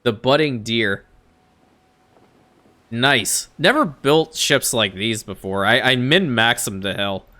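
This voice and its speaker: A gaming YouTuber gives casual, excitable let's-play commentary on a strategy game, talking to the characters and laughing often. His voice is medium-pitched, and he takes it slowly.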